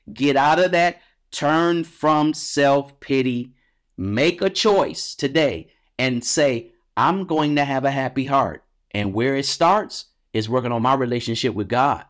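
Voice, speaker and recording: A man hosting a devotional podcast, preaching emphatically, with repeated phrases and big swings in pitch. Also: animated, takes it slowly. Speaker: podcast host.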